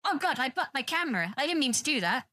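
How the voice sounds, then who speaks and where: A woman's voice: high voice, sing-song, fast, sharp tone, no room sound. A British woman streaming, chatting casually and rambling to her viewers, teasing them and swearing freely. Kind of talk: casual livestream chat with viewers.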